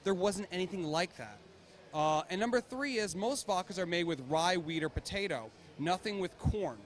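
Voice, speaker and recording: An American man founding a vodka brand chats casually in an interview, his high voice full of lively intonation at a normal pace. He's enthusiastic, laughs a lot, and tends to repeat words.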